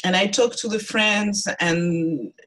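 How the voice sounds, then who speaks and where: A woman's voice: mid-range voice, slow pace, fairly bright tone, low-quality recording. A woman artist speaking as a guest on a video-call interview, thoughtful and searching for her words. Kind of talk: reflective interview talk.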